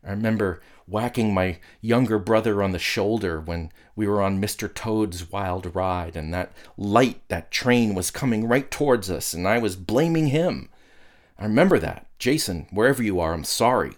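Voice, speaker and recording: A man's voice: fairly low pitch, moderate pace. A middle-aged man delivering a sermon as a pastor, earnest and conversational, reciting prayers and scripture.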